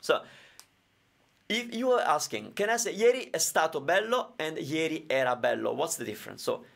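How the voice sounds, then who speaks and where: A man's voice: a little high, sing-song, normal speed, gravelly, a bit bright. A man with Italian as his first language, teaching grammar in a live-streamed question and answer lesson, explaining with everyday examples.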